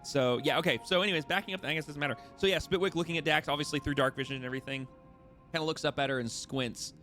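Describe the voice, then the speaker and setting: A man's voice: fairly high pitch, very fast, sharp tone, faint music behind. A man narrating a tabletop game as its game master, with a rambling, self-correcting delivery. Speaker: dungeon master.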